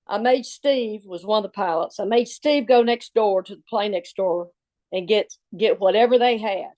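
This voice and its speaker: A woman telling a lively story from her coaching days, acting out the voices of the people in it. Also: mid-range voice, normal speed. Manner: lively, acts out quoted voices. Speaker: former assistant coach. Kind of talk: storytelling anecdote.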